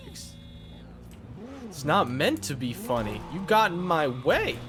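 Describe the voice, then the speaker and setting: Slow, wry man commenting on gameplay. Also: on the high side, huge pitch swings, a bit bright. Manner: sarcastic, wry running commentary. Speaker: gaming channel host.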